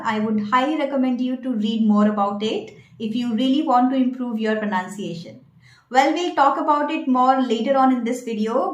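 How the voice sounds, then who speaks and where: Higher-voiced woman teaching pronunciation. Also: echoey room. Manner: clear, deliberate, quizzing the viewer. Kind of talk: online pronunciation lesson.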